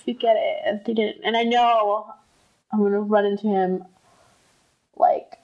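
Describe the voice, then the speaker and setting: Measured and steady in a mid-range voice, a young woman from the United States tells a chatty story on her co-hosted podcast, performing the voices of those in it. She records in a room at home, and the sound is muffled.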